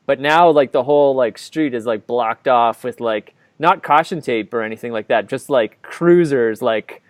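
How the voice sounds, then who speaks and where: A man's voice: mid-range voice, normal speed, no room sound. Man, podcast co-host, casual storytelling, rambling, lots of "like", dry close sound. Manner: rambling, filler-heavy, full of "like". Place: living abroad in Ireland, recording indoors.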